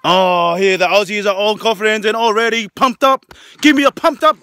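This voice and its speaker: A man hosting a family vlog, interviewing players and calling a pretend match like an excited live sports commentator. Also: sits high, moderate pace, clean tone. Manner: excited interviewer, shouts chants and play-by-play.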